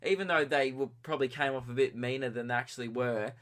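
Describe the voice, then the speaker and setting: A young man in his early twenties with an Australian accent, telling a comic story on his own podcast in a rambling, self-mocking, excitable way. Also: medium pitch, quick pace. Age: early 20s. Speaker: podcast host.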